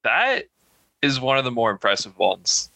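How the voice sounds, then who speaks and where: A man's voice: mid-range voice, huge pitch swings, moderate pace, bright, forceful tone, no room sound, low-quality recording. A man from the United States, a podcast guest, chatting casually and animatedly about a movie, often repeating himself.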